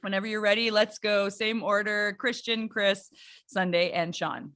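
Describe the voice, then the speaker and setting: A woman's voice: mid-range voice, fairly even intonation, normal speed, fairly bright tone. A woman hosting a live improv game, upbeat and laughing often. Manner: giggly, upbeat. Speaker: improv host.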